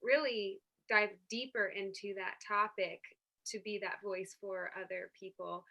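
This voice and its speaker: A woman interviewing an author for a publisher, asking long, halting questions with frequent pauses and restarts. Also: medium pitch, steady tone, creaky, pushed and bright. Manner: halting, many fillers and restarts.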